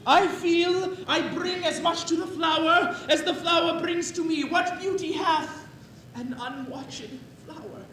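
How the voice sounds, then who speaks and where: An actor playing a lonely man who watches flowers to meet people, talking in a slow, wistful way. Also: high voice. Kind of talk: stage play. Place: echoey theater stage. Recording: echoey stage recording with faint noise.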